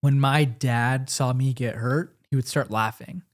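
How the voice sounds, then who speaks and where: Young male co-host, relaxed and thoughtful, middle-pitched, casual conversational delivery. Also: measured pace. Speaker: podcast co-host. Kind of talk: casual chat.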